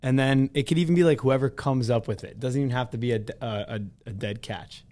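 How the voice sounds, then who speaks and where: A man's voice: mid-range voice, fairly even intonation, fast, mellow. A man co-hosting a podcast, speaking in a laid-back, casual way with dry interjections. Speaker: podcast co-host. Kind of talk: casual chat.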